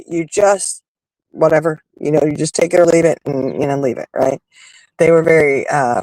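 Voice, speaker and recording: A man hosting a talk show speaks candidly in a somewhat high voice with a gravelly edge. He rambles and restarts as he thinks aloud, turning emphatic and blunt. The sound is dry and close. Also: dry recording, low-quality recording. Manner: rambling, emphatic, frank with occasional swearing. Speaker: host. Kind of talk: candid monologue on personal growth.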